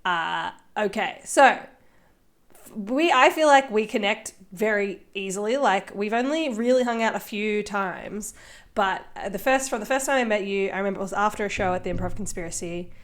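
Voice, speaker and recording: A woman with an Australian accent hosting a podcast, playful and theatrical, swinging between loud bursts and soft asides. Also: medium pitch, normal speed. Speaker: podcast host. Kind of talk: casual podcast chat.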